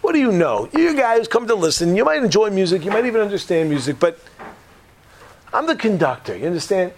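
A man's voice: on the high side, expressive, moderate pace, a little hiss or hum. A man voicing a proud older orchestra conductor who talks curtly and commandingly. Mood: lecturing. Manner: curt, commanding. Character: proud old male orchestra conductor, curt and exacting.

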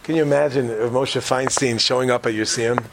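A man teaching a lively Torah class in a casual, joking way, often asking his listeners questions. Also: mid-range voice, brisk, background noise. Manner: animated, jokey, asks the audience questions.

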